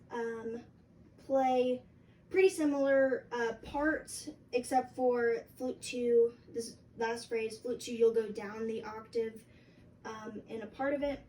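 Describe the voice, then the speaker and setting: A young woman explaining a flute part in a casual, halting way with many fillers. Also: on the high side, mellow. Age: young adult. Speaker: flute teacher. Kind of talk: instructional music lesson. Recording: distant mic with faint background noise.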